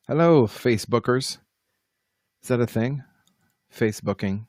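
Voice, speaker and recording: A man's voice: lowish voice, expressive, unhurried, creaky, darkish tone, breathy edge, no echo, clean studio sound. A man hosting a casual live stream from home, rambling and poking fun at himself as he talks straight to his viewers. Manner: rambling, self-mocking, talks straight to the chat. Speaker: livestream host and musician.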